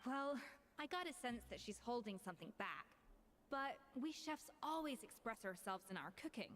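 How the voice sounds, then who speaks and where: An actress voicing a confident female chef who speaks in a calm, easygoing way. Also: fairly high pitch, moderate pace. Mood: reassuring.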